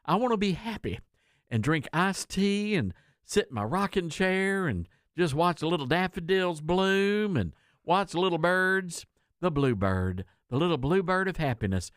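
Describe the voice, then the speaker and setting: A man's voice: sits high, sing-song, moderate pace, no room sound, studio quality. A talk radio host putting on a comic impression of a fuming male politician, sputtering in exaggerated outrage. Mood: sappy-happy. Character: fuming, red-faced male politician, mock-furious.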